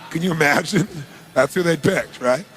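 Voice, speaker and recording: A male motivational speaker telling a story in an animated, emphatic way and asking the audience rhetorical questions. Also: fairly high pitch, normal speed, faint music behind. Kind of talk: storytelling speech.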